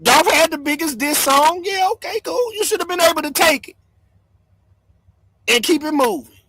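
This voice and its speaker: A man hosting a livestream, yelling and cursing in fired-up commentary from home. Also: extremely high pitch, animated, normal speed, dry recording. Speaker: livestream host.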